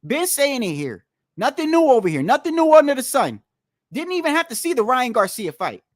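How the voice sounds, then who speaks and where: A man's voice: extremely high pitch, very animated, fairly quick, no room sound, studio quality. A man giving a heated, profane boxing commentary rant, repeating his points for emphasis. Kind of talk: ranting vlog commentary.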